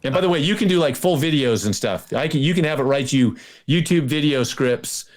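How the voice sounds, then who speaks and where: A man's voice: on the high side, expressive, a little fast. A man as a guest in an interview, talking casually and eagerly, often restarting and repeating words. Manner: enthusiastic, many restarts and repetitions.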